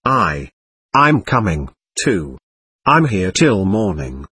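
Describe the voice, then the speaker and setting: A man's voice: low voice, very animated, slow pace, bright, forceful tone, breathy edge, dry recording, clean studio sound, pitched below the performer's own voice, full character voice. A man reading aloud, voicing an overwrought young man who stammers and exclaims. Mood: agitated.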